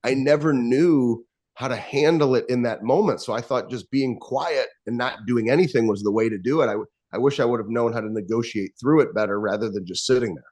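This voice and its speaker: A man's voice: mid-range voice, a little fast, a little mellow. A man being interviewed as a guest, telling a personal story in an earnest, reflective way.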